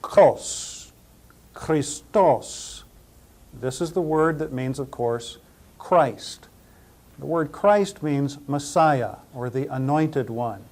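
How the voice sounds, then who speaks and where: A man's voice: mid-range voice, slow, a little mellow. A man teaching New Testament Greek pronunciation. He spells out letters and repeats each word several times. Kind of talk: slow spoken pronunciation lesson.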